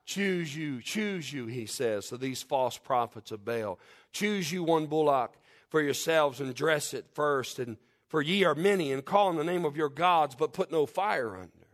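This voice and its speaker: Male preacher, fervent, emphatic sermon delivery with quiet prayerful stretches. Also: fairly high pitch, lively intonation, measured pace. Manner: fervent, rising to loud emphatic peaks then dropping quiet; reads scripture in King James wording. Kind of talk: sermon with scripture reading and prayer.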